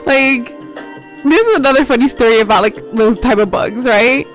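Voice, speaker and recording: High-voiced woman rambling on a stream. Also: moderate pace, soft background music. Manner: rambling storytelling, heavy on filler words; swears freely and laughs often. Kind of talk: casual chat while streaming a game.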